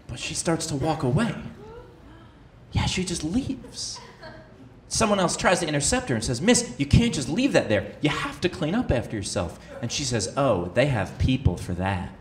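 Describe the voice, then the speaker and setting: Animated man doing stand-up in a club. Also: a little high, moderate pace, a crowd in the background. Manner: animated, rising to shouted outbursts. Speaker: stand-up comedian. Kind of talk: stand-up storytelling. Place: comedy club stage. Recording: roomy live club sound with audience.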